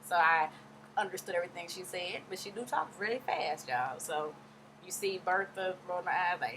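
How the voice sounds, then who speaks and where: A woman giving a fast, sassy, casual recap and acting out quotes in different voices. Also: mid-range voice, big pitch swings, sharp tone, a little hiss or hum. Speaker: recap vlogger.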